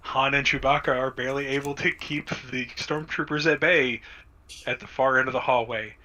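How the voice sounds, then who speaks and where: A man's voice: medium pitch, fairly even intonation, moderate pace, sharp tone, rough recording. A man hosting and narrating a casual script read-through, playful and adding his own sound effects. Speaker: host and narrator.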